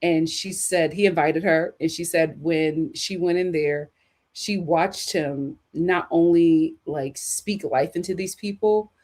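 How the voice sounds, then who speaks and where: On a livestream, a woman with a deep, darkish voice reads out viewer comments and shares sassy, emphatic takes on relationships. She speaks slowly and likes to repeat her punchlines.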